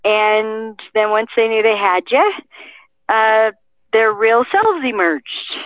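Lively woman storyteller on a phone line. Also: on the high side, takes it slowly, dry recording. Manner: lively storyteller, acts out quotes. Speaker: guest. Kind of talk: interview chat. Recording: dry phone-line sound.

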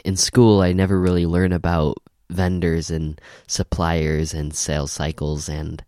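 A man hosting a podcast interview. His voice is very low, and it sounds dry and close. He asks curious, polite questions. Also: a little mellow, dry recording. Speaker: podcast host.

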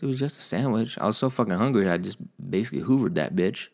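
A man casually vlogging from home, a profane, animated storyteller who rants about his day. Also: low-pitched, quick pace, vocal fry, few pauses. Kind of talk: casual rambling monologue.

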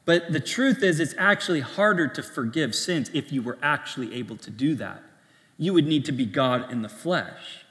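A man preaching a sermon to young adults, in a conversational style full of restarts and lively asides. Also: medium pitch, moderate pace, in a large hall.

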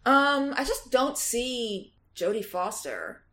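A woman co-hosting a podcast chats casually, animated and quick to laugh, in a voice that's a little high.

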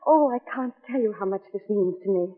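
An actress in a 1940s radio play voicing an earnest, emotional young wife who speaks from the heart. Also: female voice, medium pitch, expressive, quick pace, close to an everyday voice. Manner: earnest, heartfelt, scolding tenderly. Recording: tinny old radio broadcast with reverb.

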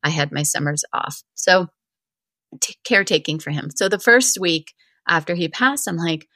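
Chatty bright-voiced woman from Vermont. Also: lowish voice, normal speed, no echo. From Vermont, USA. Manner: chatty, heavy use of filler "like", animated retelling. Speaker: guest, wellness coach. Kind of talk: casual storytelling interview.

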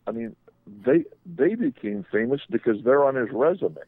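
A man's voice: mid-range voice, animated, normal speed, darkish tone, no echo, poor audio. An older man, a sports agent, telling rambling anecdotes on a radio talk show, often restarting his sentences.

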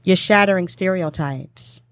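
A woman's voice: lowish voice, measured pace, dry recording, clean studio sound. A woman hosting a casual talk show, chatty and encouraging, laughing often as she brings in her guests. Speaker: host.

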